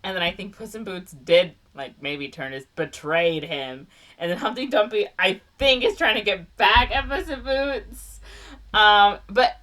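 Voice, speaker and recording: A woman's voice: medium pitch, a little slow, sharp tone, distant mic. A woman hosting a podcast, chatting casually in a giggly, rambling way with lots of fillers. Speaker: podcast host. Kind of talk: casual chat.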